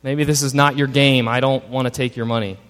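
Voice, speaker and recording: A man voicing God in a sermon story, speaking softly and calmly while warning a gambler off. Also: medium pitch, a little fast, clean tone, natural voice. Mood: gently firm. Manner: soft, calm, gently warning. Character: patient, weary male God at a card table. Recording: long hall reverb.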